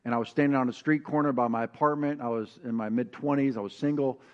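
A man preaching a sermon as pastor, telling a personal story and reading scripture, animated and calling on the congregation to answer back. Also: mid-range voice, quick pace, dull audio. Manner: animated, calls for congregation responses.

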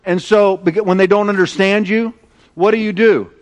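High-voiced man preaching with call-and-response. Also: moderate pace. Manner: animated and conversational, leads call-and-response with the congregation. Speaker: pastor. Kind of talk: sermon. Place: church sanctuary.

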